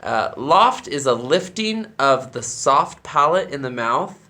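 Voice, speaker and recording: A man's voice: mid-range voice, very animated, slow pace, pushed and bright. A man who directs a church choir, explaining vocal technique in a tutorial and demonstrating the sounds with his own voice.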